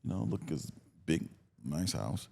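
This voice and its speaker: Lively storytelling man in his fifties. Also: extremely low pitch, unhurried, gravelly. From Cleveland, United States. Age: 50s. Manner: animated, laughs often and acts out quoted voices. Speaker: guest. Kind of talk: storytelling in casual conversation.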